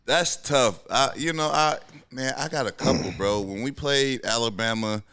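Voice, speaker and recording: A man's voice: mid-range voice, normal speed, bright, forceful tone, smooth, no room sound. A man in his thirties, a podcast host and former pro football player, talking in a laid-back, slangy, casual way.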